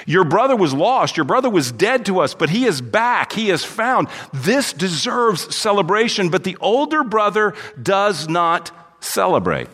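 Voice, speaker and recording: A man's voice: high-pitched, big pitch swings, measured pace, few pauses, a bit bright, husky. A male pastor preaching an expository sermon in a church, reading scripture aloud and then explaining it verse by verse. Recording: long hall reverb.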